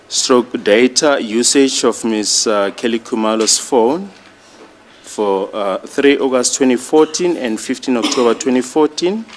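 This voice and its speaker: A man addressing a judge in a courtroom, reading out exhibits in a formal, deliberate way. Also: medium pitch. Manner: slow, deliberate, reads exhibit lists. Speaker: prosecutor.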